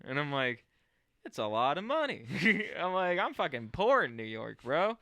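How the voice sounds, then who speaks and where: A man's voice: fairly high pitch, sing-song, normal speed, no room sound. A young man co-hosting a podcast, a stand-up comic trading crude, mocking jokes in casual banter. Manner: mocking, loud jokey riffs. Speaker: podcast co-host, stand-up comedian.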